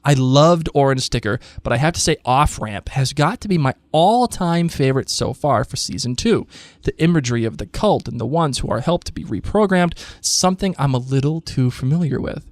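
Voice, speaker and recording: Animated man co-hosting a podcast. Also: mid-range voice, brisk, dry recording. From Rhode Island. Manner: animated, laughs often, reads listener comments aloud. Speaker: podcast co-host. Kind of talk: casual chat.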